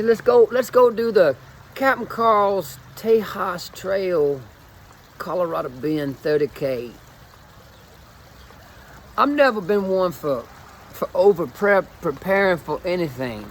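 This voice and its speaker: A man in his forties who works as a fitness coach tells a rambling, self-mocking story in a put-on Cajun accent for a casual storytelling video. His voice is high-pitched, and the audio is poor with slight background noise.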